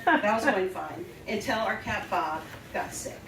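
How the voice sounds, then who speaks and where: A woman's voice: medium pitch, expressive, a little slow, crowd noise. An older woman telling a personal story on stage in a chatty, self-deprecating way, often laughing. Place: small storytelling venue stage. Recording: roomy live stage sound, distant and noisy.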